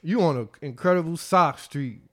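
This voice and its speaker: A middle-aged man hosting a podcast, telling stories in a loose, profane, animated way with frequent laughter. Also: on the high side, moderate pace. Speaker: podcast host. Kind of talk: casual chat.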